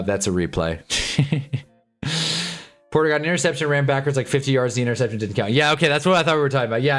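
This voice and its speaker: A man's voice: medium pitch, a bit bright. Tired, laid-back young man commentating football. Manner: laid-back, rambling, sarcastic asides, frequent "whatever" and "anyway". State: tired, yawning. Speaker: football watch-along streamer. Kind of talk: casual live game commentary.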